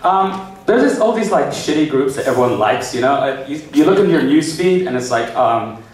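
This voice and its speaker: A man performing a stand-up comedy set, animated and slipping into exaggerated character voices for his jokes. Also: medium pitch, moderate pace, a little hiss or hum. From New Zealand. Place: comedy club stage with a laughing audience. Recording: echoey club recording from far off.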